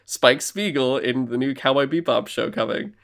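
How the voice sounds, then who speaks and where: A man of middle pitch co-hosting a podcast, spinning a long film recap in a loose, chatty way. He leans on filler words and keeps the story rolling with animated energy. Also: moderate pace, gravelly. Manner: animated storyteller, many filler words, acts out quoted lines. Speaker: podcast co-host. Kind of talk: casual chat, retelling a film.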